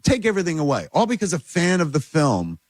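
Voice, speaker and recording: A man's voice: a little high, quick pace, no echo. Rambling man telling stories. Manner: animated, rambling anecdotes with lots of "like" and "dude". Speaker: filmmaker guest. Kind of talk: casual storytelling chat. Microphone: radio studio mic.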